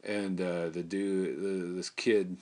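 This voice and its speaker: Lowish, rambling, foul-mouthed male storyteller. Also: level tone, takes it slowly, mellow. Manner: rambling, profane, full of fillers and restarts. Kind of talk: casual spoken storytelling.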